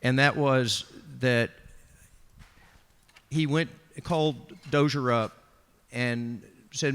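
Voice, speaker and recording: A man on a discussion panel telling an anecdote, animated and quick to act out each quote. His mid-pitched voice rings with a long reverb tail from a large hall. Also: smooth. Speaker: panelist, art dealer. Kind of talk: storytelling anecdote.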